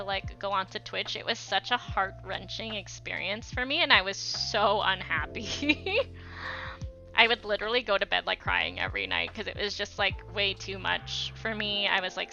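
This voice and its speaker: Young woman, art livestreamer, very bright voice, gravelly fry, casual chat, slightly dull audio with faint music. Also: medium pitch, animated, moderate pace. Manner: chatty, many "like" fillers, thanks viewers by name.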